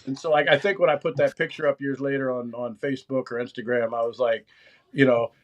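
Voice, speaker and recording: The recording sounds dull, and the speaker's mid-range voice moves briskly with fairly even intonation. He's a former magazine writer in his fifties, chatting casually as an interview guest and rambling with many false starts.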